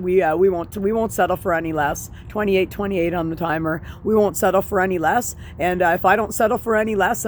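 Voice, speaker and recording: A man's voice: high-pitched, a little hiss or hum. A man in his forties ranting outdoors in a vlog monologue, swearing heavily, repeating himself and stumbling over fillers. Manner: profane, repetitive, halting with many fillers. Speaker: sobriety vlogger. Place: outdoors at dusk.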